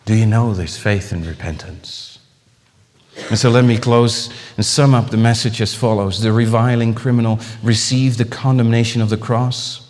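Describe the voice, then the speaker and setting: A male preacher delivering an impassioned sermon, his voice swinging from ringing exclamations to hushed, slow phrases. He repeats words as he builds toward each point. His voice carries a long reverb, as in a church hall. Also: lowish voice, fairly even intonation, a little hiss or hum.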